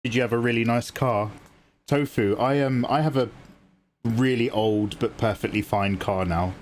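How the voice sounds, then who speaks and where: A British man hosting a relaxed live stream, talking to his chat in a loose, rambling way. His pitch sits right in the middle of the usual range for a man, and he swears casually as he goes. There is a faint hiss of noise behind him. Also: moderate pace. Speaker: art streamer.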